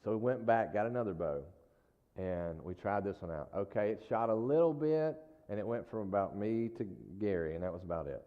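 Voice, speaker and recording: A man preaches in a loose, folksy storytelling way, checking in with the congregation as he goes. His voice sits on the low side. The recording is dull and lo-fi, with a long reverb from a large hall. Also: expressive, a little fast. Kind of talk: casual storytelling sermon.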